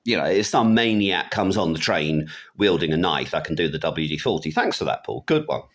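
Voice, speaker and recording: A man's voice: low-pitched, a little fast, fairly bright tone. A middle-aged man from the UK giving a casual, sarcastic political rant on his vlog. He mocks his targets and often breaks into laughter. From United Kingdom. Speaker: political vlogger. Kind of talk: casual ranting monologue.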